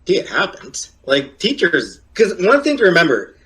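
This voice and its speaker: A man with a fairly high, very lively voice rambles through casual stream chat, hesitant and full of fillers, then jumps far up in pitch to make a point. His tone swings widely. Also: normal speed. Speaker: streamer in a reacted-to clip.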